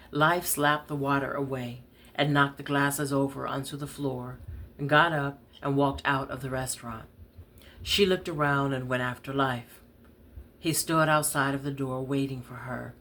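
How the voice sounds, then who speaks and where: A woman's voice: very deep voice, moderate pace, a little hiss or hum. Woman reading her own story aloud. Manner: steady, conversational reading.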